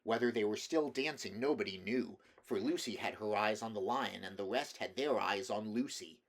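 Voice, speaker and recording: A man reading a novel aloud at a measured pace, with small slips and restarts. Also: on the low side. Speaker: audiobook reader.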